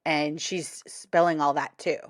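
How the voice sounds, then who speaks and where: In a clean studio recording free of room sound, a low-voiced woman speaks unhurriedly while co-hosting a podcast. The talk is a casual chat, and she tells her stories with animation and plenty of laughter.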